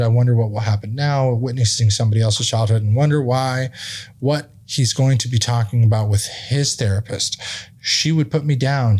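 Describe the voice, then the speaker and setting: A man's voice: medium pitch, a little mellow. A man hosting a podcast, reading a magazine article aloud with restarts and his own asides. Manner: reads haltingly with restarts and asides. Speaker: podcast host.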